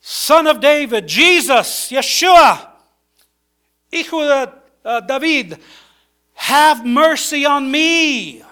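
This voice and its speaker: Man acting out a blind beggar man, desperate, loud high pleading cries, voice strained upward. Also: animated, slow, full character voice.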